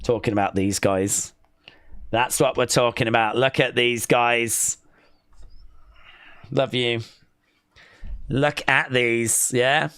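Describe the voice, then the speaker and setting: An English man hosting a casual live stream, reading out comments and ribbing his viewers. He talks in an unhurried, drawn-out way. His voice is close and dry, with no room sound. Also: mid-range voice, steady tone, fairly bright tone, clean tone, no room sound. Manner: playful and teasing, bantering with chat.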